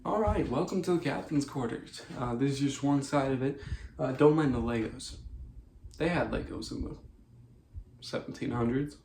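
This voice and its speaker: A man's voice: mid-range voice, moderate pace, creaky. A man making a gaming video, talking in a playful, self-mocking, chatty way. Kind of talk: casual video talk. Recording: echoey room with faint noise.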